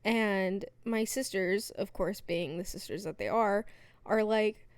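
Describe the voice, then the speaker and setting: A young adult woman, a podcast guest, telling stories in casual chat, animated and laughing often, with lots of fillers. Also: medium pitch, slow pace, smooth, dry recording.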